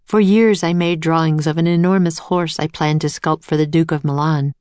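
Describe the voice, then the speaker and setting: A woman voicing a heartbroken older male inventor, speaking quietly and wearily in a storybook reading. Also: steady tone, normal speed, smooth, no echo, lightly acted. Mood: sorrowful. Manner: quiet, weary and low.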